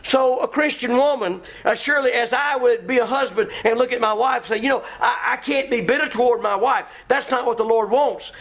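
A man's voice: very high-pitched, brisk, hardly any pauses. A middle-aged man preaching a sermon in a folksy, emphatic way, quoting scripture and acting out his listeners. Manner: folksy, emphatic, mimics congregants with shouts.

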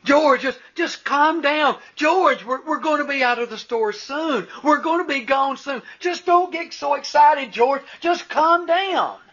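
A man acting out a patient young father in a store, soothing and coaxing himself to stay calm. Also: very high voice, a little slow, few pauses, muffled recording, voice pushed up, heavily acted.

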